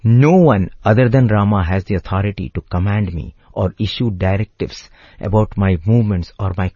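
A man's voice: fairly low pitch, moderate pace, slightly rough, no room sound. A man voicing a humble, fervently loyal younger brother who pleads emphatically in a raised voice. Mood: defiant. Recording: dull lo-fi recording.

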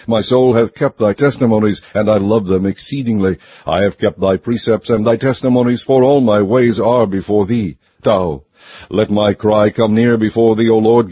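A man giving a steady, measured scripted scripture reading, recorded slightly muffled and dry. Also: fairly low pitch, husky, no echo. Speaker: scripture reader.

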